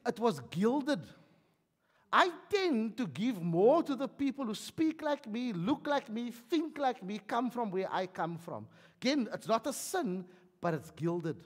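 A South African man delivers a sermon, chatty and funny, in a fairly high voice. His pitch swings widely as he preaches. The voice rings with the long reverb of a hall. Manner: animated, conversational preaching with humor. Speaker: pastor.

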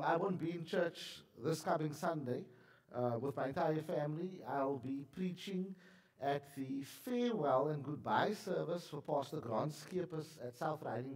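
A man gives church announcements from the pulpit, his voice sitting a touch high and catching with a frog in his throat. He talks in a chatty, self-deprecating way with plenty of ums and uhs. The room around him echoes. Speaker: pastor. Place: church sanctuary.

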